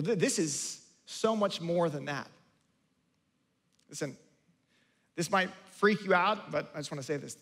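A male pastor delivers a sermon in a high, light voice. He talks in a loose, conversational way, restarting phrases and acting out quotes with lively energy. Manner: conversational, animated, with repeated restarts and acted-out quotes. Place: church sanctuary.

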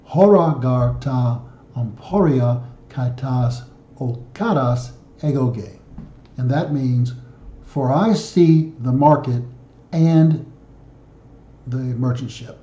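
A man works through his language homework out loud, reciting word endings in a slow, methodical drill. His voice is deep and mellow. The recording sounds roomy and a little muffled. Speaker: founder of a study group, self-taught student. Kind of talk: solo study video, reading declensions aloud.

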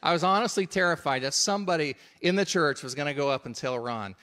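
Middle-aged male preacher, storytelling sermon, conversational, slightly high voice. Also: quick pace, bright, forceful tone. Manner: conversational, checks in with the audience.

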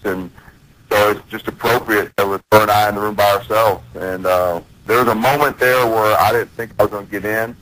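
A man's voice: lowish voice, a bit bright, rough recording. A man talks in a radio interview. He tells his story earnestly and often restarts his sentences. He sounds like he is in his forties. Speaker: interview guest, retired football player.

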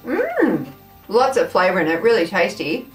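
A woman's voice: medium pitch, huge pitch swings, moderate pace. A woman hosting a casual taste-test vlog, chatty and enthusiastic as she gushes over snacks. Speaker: food taste-test vlogger. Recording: roomy echo from the mic at a distance, soft music.

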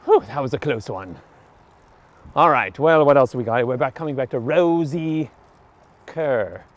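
Riding a bike through quiet town streets, this vlogger talks to himself at a moderate pace in a mid-range voice. He argues with himself in two voices, drifting into and out of a half-British accent as he rambles. Faint traffic and street sounds carry in the background.

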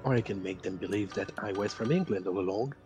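A man's voice: lowish voice, fast, darkish tone, faint music behind. A French man with a French accent, chatting at length while playing a co-op game. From France. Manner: chatty, explains at length, playful. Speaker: co-op player. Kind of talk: casual gaming chat.

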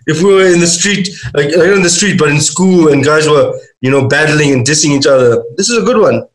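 A young man from South Africa co-hosting a comedy podcast, reading tweets aloud and laughing between jokes. His voice sits a little high, and the room adds a noticeable echo. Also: animated, a little fast. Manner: joking, reads tweets aloud, laughs often. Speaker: podcast co-host. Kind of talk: casual comedic chat.

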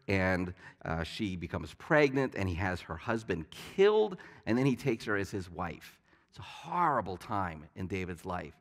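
Pastor, male, mid pitch; casual storytelling sermon; reverberant sanctuary sound. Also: fairly bright tone. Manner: conversational, storytelling preaching with asides. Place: church sanctuary.

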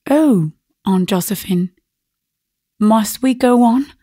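A woman's voice: medium pitch, takes it slowly, warm tone, no echo, studio quality. Woman doing a flustered young man. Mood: desperate.

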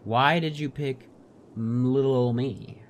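A man's voice: mid-range voice, slow, natural voice. A wry, skeptical archer hero from a fantasy game, played by a man. He asks disbelieving questions in a raised voice, and there is faint noise in the background. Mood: incredulous.

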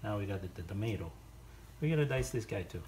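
A man's voice: lowish voice, expressive, fast. A man hosting a home cooking video, chatting casually to himself and his dog as he works. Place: home kitchen. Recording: loud kitchen noise throughout. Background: chopping, clinking dishes and cutlery.

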